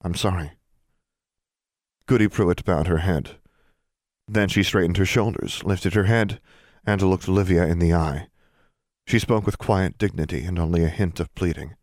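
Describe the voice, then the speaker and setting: A man narrating an audiobook in an even, measured storytelling manner that hushes for suspense. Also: deep voice, no room sound, studio quality. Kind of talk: scripted narration.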